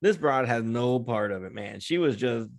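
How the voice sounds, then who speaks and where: A man's voice: mid-range voice, animated, moderate pace, vocal fry. Laid-back swearing podcast co-host, man. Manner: laid-back, swears freely, laughs often. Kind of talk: casual banter.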